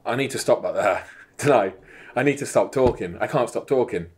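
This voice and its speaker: A man's voice: medium pitch, fairly quick, background noise. A man, co-hosting a casual fitness podcast, rambling and swearing as he mocks himself. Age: 30s. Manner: rambling, sweary, self-mocking. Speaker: podcast co-host. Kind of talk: casual banter.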